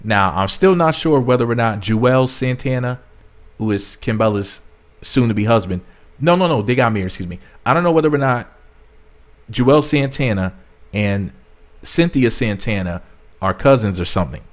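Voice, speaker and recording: A man's voice: medium pitch, animated, moderate pace. A man giving a casual, gossipy recap of a reality TV episode, rambling and slangy, often correcting himself as he goes. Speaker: reality TV reviewer.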